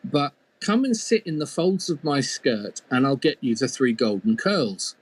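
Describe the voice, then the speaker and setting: A man's voice: medium pitch, lively intonation, measured pace, husky. A man voicing the devil's sentimental, doting old grandmother in a told folk tale, in a tender, coaxing way. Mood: soothing.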